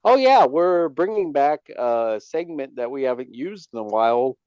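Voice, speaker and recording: A man's voice: medium pitch, big pitch swings, normal speed, darkish tone, smooth, no room sound, lo-fi sound. A man co-hosting a casual podcast, stammering and repeating words with dry teasing. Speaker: podcast co-host.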